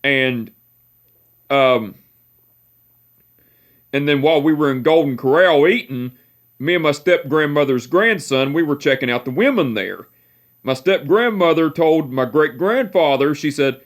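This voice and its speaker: A man's voice: on the high side, lively intonation, unhurried, long pauses. A young man tells family stories in a casual, profane way, often laughing at them. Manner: laid-back, profane, laughing at his own stories.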